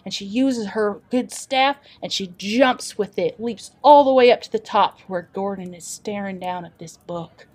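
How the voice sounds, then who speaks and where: A woman's voice: mid-range voice, unhurried, few pauses, darkish tone, natural voice. A woman playing a folksy traveling adventurer who tells a dramatic tale with a homespun drawl in an improvised tabletop role-play. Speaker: player character storyteller.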